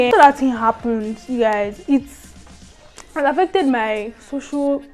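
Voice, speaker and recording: Animated young woman telling a story. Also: a little high. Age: young adult. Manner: animated, quick swings between loud and hushed. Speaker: vlogger. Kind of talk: storytime vlog.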